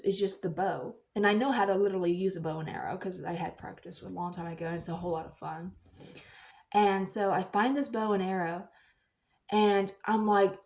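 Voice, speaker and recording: A woman vlogging in a casual, rambling storytelling way, acting out the people she quotes with sudden high, excited voices. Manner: animated, acts out quoted voices in high squeals.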